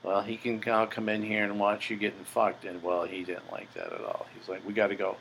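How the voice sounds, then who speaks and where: A man's voice: lowish voice, lively intonation, moderate pace, vocal fry, fairly bright tone, a little hiss or hum, poor audio. An older man hosting a podcast, telling a story in a blunt, profane, boastful way. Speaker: podcast host. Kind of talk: casual storytelling monologue.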